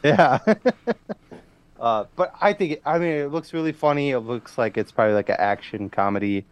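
Chatty man with a smooth voice. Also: mid-range voice, normal speed, dry recording. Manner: chatty, laughs often, trails off with fillers. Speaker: podcast co-host. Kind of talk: casual chat.

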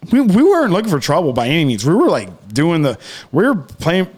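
A man's voice: fairly high pitch, huge pitch swings, a little fast, slightly rough. A young man co-hosting a podcast, telling a long story in casual chat, rambling with many restarts, fillers and swearing. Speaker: podcast co-host.

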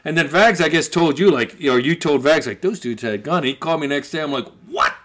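A man's voice: fairly high pitch, fast. A man telling a story to friends in casual, profane chat, acting out what people said. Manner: animated, profane, acts out quoted voices.

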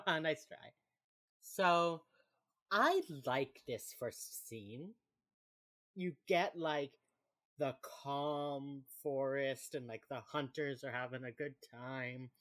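Low-voiced woman recapping TV casually. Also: slow pace. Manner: animated, acts out quotes. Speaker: podcast co-host.

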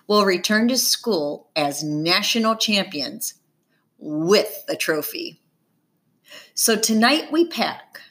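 A woman reading a children's novel aloud in the first person, with expressive storytelling. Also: on the low side. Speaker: audiobook narrator.

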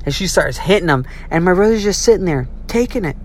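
A young adult telling a childhood story in a casual, profane way. The delivery is animated, with quick shifts into quoted voices. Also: medium pitch.

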